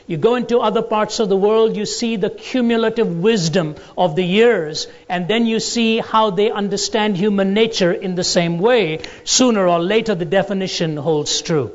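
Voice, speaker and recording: Male lecturer, higher-pitched voice, deliberate storyteller, long hall reverb. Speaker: Christian apologetics lecturer. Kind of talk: lecture with anecdotes and jokes. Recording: dull lo-fi recording in a large reverberant hall.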